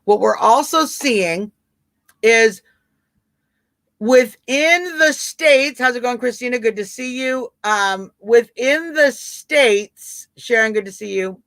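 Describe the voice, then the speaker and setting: Bright-voiced chatty woman with a Southern twang. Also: fairly high pitch, expressive, takes it slowly, no room sound. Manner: chatty, answers viewer comments by name, emphatic. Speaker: livestream host. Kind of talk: casual live chat.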